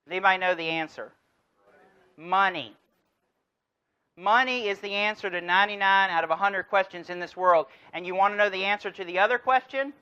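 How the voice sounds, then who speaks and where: A man's voice: sits high, a little fast, pushed and bright, smooth, dull audio. A man giving a motivational keynote address, telling a story and driving his points home with rhetorical questions. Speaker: keynote speaker.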